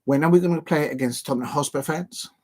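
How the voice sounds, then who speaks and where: A young man from England, hosting a football watch-along in animated, casual chat, laughing often and repeating catchphrases. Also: fairly high pitch, quick pace.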